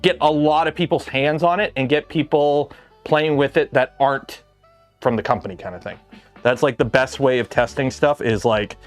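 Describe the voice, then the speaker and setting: A man's voice: mid-range voice, steady tone, moderate pace, soft background music. A man hosting a casual livestream from his home garage, rambling with lots of filler words. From Canada. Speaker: livestream host.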